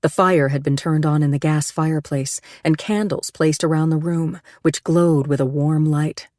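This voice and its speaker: Measured woman narrating, low-pitched. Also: dry recording, clean studio sound. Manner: steady, measured storytelling. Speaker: audiobook narrator. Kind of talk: scripted narration.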